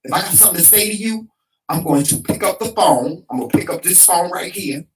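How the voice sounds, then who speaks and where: A man co-hosting a talk show, frustrated and emphatic, hammering the same points with a preacher-like cadence. His voice sits slightly high, and he sounds a step back from the microphone. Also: expressive, brisk, recorded from a distance, rough recording. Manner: emphatic, repetitive, swears freely, preacher-like cadence. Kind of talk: heated casual talk show rant.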